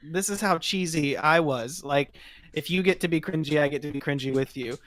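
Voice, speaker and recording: A man's voice: on the high side, moderate pace, a bit bright. A young man chatting casually on a podcast, laughing often and rambling in a self-deprecating way. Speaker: podcast co-host.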